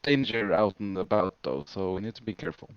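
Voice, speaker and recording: Man, tabletop player, low voice, lo-fi dry sound, earnest. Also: lively intonation, quick pace, clear, resonant tone, no echo. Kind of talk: in-character tabletop play.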